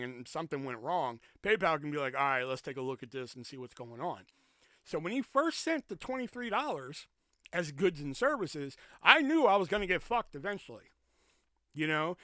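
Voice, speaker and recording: Guy ranting on his podcast, swears a lot, bright punchy voice, dry close mic. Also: fairly high pitch, no echo. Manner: profane, rambling, animated retelling. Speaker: podcast host. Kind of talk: casual storytelling rant. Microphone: podcast mic with pop filter.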